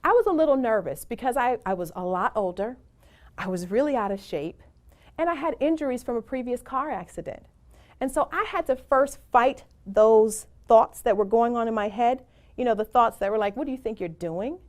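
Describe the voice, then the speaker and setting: A woman's voice: a little high, expressive, moderate pace. A middle-aged woman giving a motivational presentation, speaking in an emphatic, encouraging way and telling personal stories.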